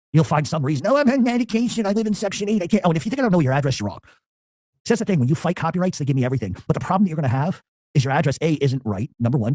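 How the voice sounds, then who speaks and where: Man, hostile fast rant, husky voice, lively pitch, dry close sound. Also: no echo. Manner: aggressive, profane, taunting. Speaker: angry ranter. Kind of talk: insult-filled challenge rant.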